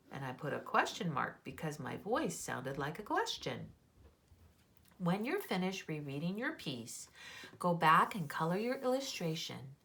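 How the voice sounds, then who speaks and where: A woman teaching young children to write, sounding out letters slowly and exaggerating her voice. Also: low-pitched, sing-song, gravelly, bright, forceful tone.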